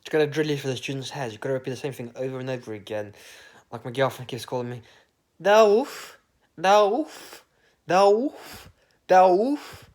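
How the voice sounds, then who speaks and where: A man's voice: medium pitch, fairly even intonation, racing, hardly any pauses. Rambling man, casual swearing. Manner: meandering, absurd, swearing casually. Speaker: vlogger. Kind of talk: rambling comic monologue.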